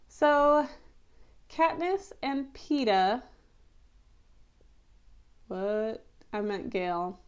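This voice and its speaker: A woman vlogger giving casual, animated commentary on a film adaptation, chatty and often exasperated, with lots of fillers. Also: on the high side, very slow, pauses often, clean tone. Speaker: book-to-movie review vlogger.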